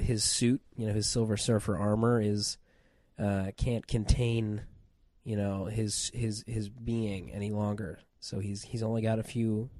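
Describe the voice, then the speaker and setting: A man with a head cold rambles through a casual podcast chat, piling on fillers and restarts as he gets excited. His tone is warm and dark, and the recording is close and dry. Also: fairly low pitch, no room sound. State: has a cold, on cold medicine. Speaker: podcast co-host.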